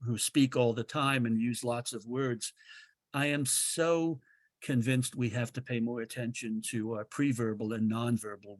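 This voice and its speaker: A man's voice: mid-range voice, dry recording. Earnest man presenting a webinar, dry sound. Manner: earnest, animated teaching with many restarts.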